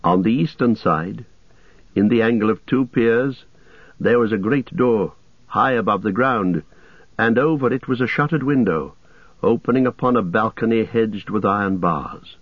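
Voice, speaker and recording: A male narrator reads a fantasy story in a measured, even manner. His voice is low and dry, and the recording sounds dull and lo-fi. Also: slightly rough, no room sound. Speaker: audiobook narrator. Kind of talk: scripted narration.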